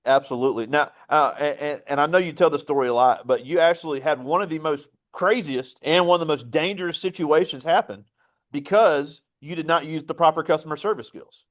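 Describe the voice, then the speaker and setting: A male interview host with a slightly high voice. He talks in a loose, conversational way, circling back to his guest's points. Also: brisk. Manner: conversational, with many fillers and restarts. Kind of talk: casual interview.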